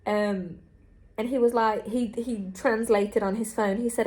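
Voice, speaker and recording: A woman's voice: mid-range voice, fairly even intonation, normal speed, darkish tone. A young woman travel vlogger talking candidly and earnestly to camera, repeating herself for emphasis. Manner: earnest, repetitive, heartfelt. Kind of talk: candid vlog monologue to camera.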